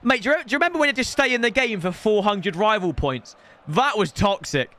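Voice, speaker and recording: A man's voice: high voice, animated, a little fast, bright, forceful tone. A man, commentating his own game on a live stream in an exasperated, ranting way.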